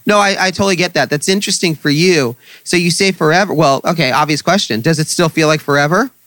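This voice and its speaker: A man hosting an interview over a video call, asking questions in a chatty, friendly way with quick asides. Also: on the high side, pushed and bright, no room sound. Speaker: interview host.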